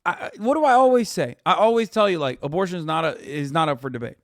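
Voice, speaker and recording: A man hosting a live political stream, reacting to news with sarcastic, profane, animated ranting. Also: on the high side, fast talker, dry recording, studio quality. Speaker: political livestream host.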